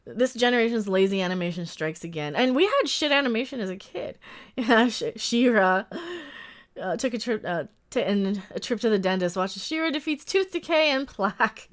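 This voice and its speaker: A woman hosting a casual live reaction stream, sarcastic, laughing often and bursting into loud exclamations. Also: on the high side, animated, normal speed. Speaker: livestream host reacting to a trailer.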